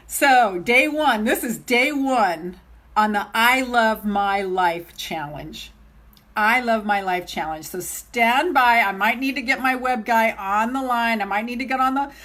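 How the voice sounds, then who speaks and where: A middle-aged woman and self-love coach talking casually on a live stream, gushing and excitable, laughing often as she speaks straight to her viewers. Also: fairly high pitch, unhurried.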